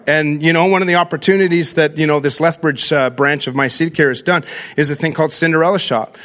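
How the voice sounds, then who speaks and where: A middle-aged man, a pastor giving an energetic, story-driven talk to a church crowd and calling them "guys". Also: on the high side, fairly quick.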